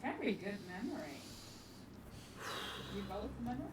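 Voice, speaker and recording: A woman's voice: mid-range voice, sing-song, normal speed, noisy background. A woman playing a tabletop game in character, polite and hesitant with filler words. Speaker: player.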